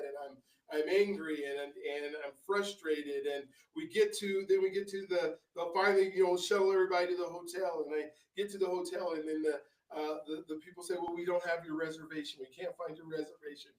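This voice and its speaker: A man's voice: high-pitched, a little fast, few pauses. Man telling stories, roomy and distant. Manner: rambling, many fillers and restarts. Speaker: author and guest. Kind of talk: casual interview storytelling.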